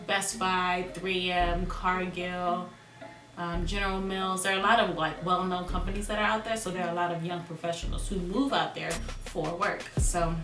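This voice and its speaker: A woman's voice: lowish voice, pushed and bright, distant mic. A young woman from Miami talking casually to camera in a vlog, playful and jokey, stressing points by repeating words. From Miami, United States. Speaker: vlogger. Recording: roomy echo, a bit off mic, music behind.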